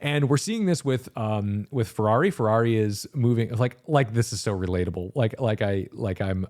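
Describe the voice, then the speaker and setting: A man's voice: medium pitch, animated, brisk, a little mellow. A man hosting a solo car podcast as a reviewer, talking in a rambling, sarcastic way and now and then slipping into mock quotes. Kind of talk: casual solo podcast monologue.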